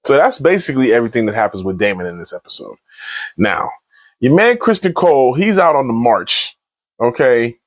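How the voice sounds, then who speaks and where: A man's voice: mid-range voice, dry recording. A man runs through a TV episode recap in loose, slangy talk, full of energy. His voice sits in a mid range. The recording is dry and close, with no room sound. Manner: slangy, animated, laughs often. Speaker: TV episode reviewer. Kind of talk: casual spoiler recap.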